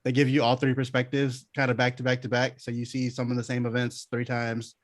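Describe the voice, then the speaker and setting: Man, podcast co-host, mid pitch, enthusiastic and profane, dry recording. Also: monotone, fairly quick, no echo. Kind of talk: casual chat.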